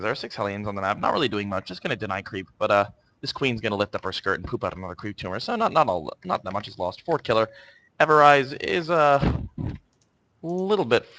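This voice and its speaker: A young man casting a video game match in a relaxed, jokey way, laughing often. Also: lowish voice, muffled recording. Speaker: esports caster. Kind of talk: casual game commentary.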